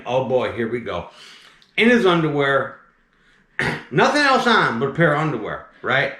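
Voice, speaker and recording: Man, slight Southern accent, storytelling, fairly high pitch, echoey room. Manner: animated, chatty, keeps saying "right?" and "mind you". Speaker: snake removal operator. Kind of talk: casual storytelling. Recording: roomy echo.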